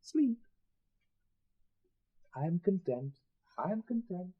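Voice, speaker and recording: An actress in a vintage radio play voicing a tired, contented aged woman who speaks in a soft, drowsy murmur. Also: lowish voice, big pitch swings, slow pace, breathy edge, phone-quality sound, exaggerated voice. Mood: soothing.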